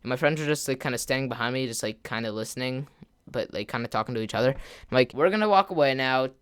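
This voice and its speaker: A man's voice: medium pitch, fairly even intonation, fast talker, clear, resonant tone. A man, a gaming vlogger, telling a story to camera in a rambling way, full of "like" fillers and restarts.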